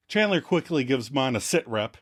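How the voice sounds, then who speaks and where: A man co-hosting a casual podcast, recapping scenes and acting out the characters' lines in quick voices. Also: mid-range voice, big pitch swings. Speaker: podcast co-host recapping episodes.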